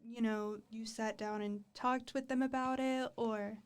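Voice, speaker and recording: A young woman co-hosts a casual podcast chat, asking probing questions with quick jokes in between. Her voice sits a bit high in pitch. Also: fairly even intonation, smooth. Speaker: podcast co-host.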